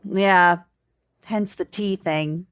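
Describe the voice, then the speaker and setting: A woman's voice: on the low side, fairly even intonation, extremely slow, smooth, dry recording, studio quality. An American woman co-hosting a podcast, asking curious, teasing questions in casual chat. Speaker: podcast co-host.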